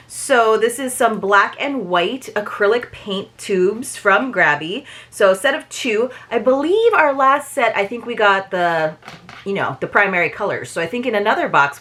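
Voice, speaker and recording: Lively chatty woman unboxing gifts. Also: mid-range voice. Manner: chatty, rambling asides. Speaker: unboxing vlogger. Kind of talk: casual unboxing chat.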